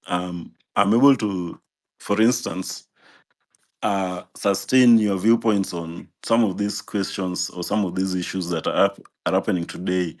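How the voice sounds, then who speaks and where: A man defending his view in a debate, hesitant, with many filler pauses. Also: on the low side. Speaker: guest debater. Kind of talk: measured argument.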